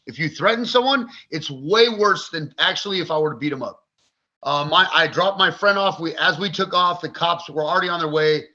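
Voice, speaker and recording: A man in his forties, a podcast guest with a fairly high, sharp-edged voice, tells his story briskly, bluntly and vividly, swearing plenty in candid interview fashion. The recording is dull and lo-fi.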